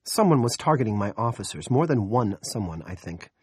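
A man voicing a frazzled middle-aged male police chief who talks out of breath, rapid and worried. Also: fairly low pitch, very animated, a little mellow, husky, dry recording, clean studio sound. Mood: harried.

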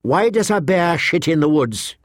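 A man reading aloud, voicing a sharp-tongued, sardonic male dwarf nobleman in a slightly raised voice. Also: fairly high pitch, animated, no echo, studio quality, voice pushed up. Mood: defiant. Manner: sardonic, quick, cutting.

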